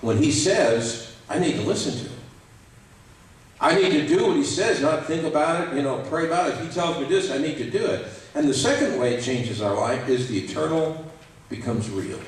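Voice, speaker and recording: A man preaching a sermon as pastor, animated and acting out quoted voices. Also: on the high side, moderate pace. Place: church sanctuary. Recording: echoey church hall, mic at a distance.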